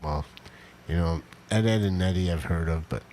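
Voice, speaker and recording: A man's voice: low-pitched, moderate pace, dark tone, slight background noise. A man in a casual chat, laid-back and enthusiastic, sometimes slipping into silly voices.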